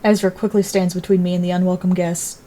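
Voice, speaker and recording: A woman reads a dark story aloud in the first person. Her voice sits a little low and stays even and deliberate. She is narrating at home for a fan reading.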